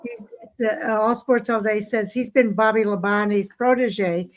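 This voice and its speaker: A woman's voice: medium pitch, steady tone, a little slow. A woman co-hosting a casual racing talk show, chatting with filler words and reading out listener comments. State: hiccups. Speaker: co-host.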